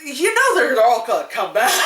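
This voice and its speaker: Woman chatting about a movie, super expressive pitch, kinda far from the mic in an echoey room. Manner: animated, laughing often, acts out voices. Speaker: movie reviewer. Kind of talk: casual chat.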